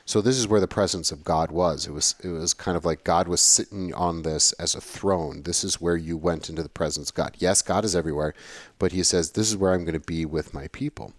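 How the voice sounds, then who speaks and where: A man's voice: low-pitched, fairly quick, no room sound. A man lecturing on theology to his students in a conversational, emphatic way, often repeating phrases. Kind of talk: recorded classroom lecture.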